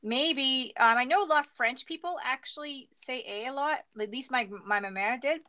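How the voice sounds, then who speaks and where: A woman's voice: sits high, normal speed, sharp tone. A Canadian woman co-hosting a craft livestream, chatting casually and hesitantly with lots of fillers. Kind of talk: casual chat while crafting.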